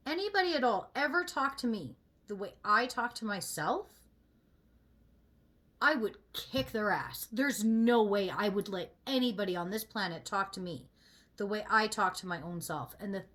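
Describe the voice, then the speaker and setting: Bright, lively-voiced woman venting candidly. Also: mid-range voice. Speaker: vlogger. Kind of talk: casual chat while getting ready.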